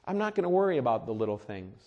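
A man's voice: mid-range voice, very animated, fast talker, muffled recording. Man preaching in a reverberant hall. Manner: conversational preaching, repeats phrases, swells loud for emphasis. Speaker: pastor. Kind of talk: sermon. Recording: long reverb of a large hall.

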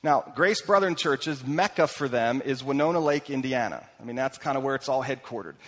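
A man preaching a sermon as pastor, animated, acting out the voices he quotes and swinging between loud bursts and hushed lines. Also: mid-range voice, a little fast, in a large hall.

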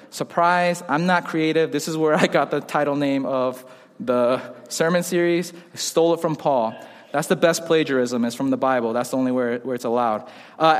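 A young man, casual and joking, telling stories in an animated way. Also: on the high side. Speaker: pastor. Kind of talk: sermon. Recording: long hall reverb.

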